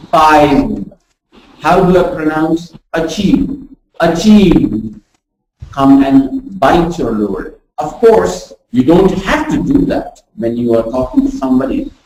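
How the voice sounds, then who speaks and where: A woman teaching a pronunciation lesson, demonstrating sounds with deliberate exaggeration. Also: fairly low pitch, darkish tone. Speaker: communication skills trainer. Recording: very echoey room, voice far from mic.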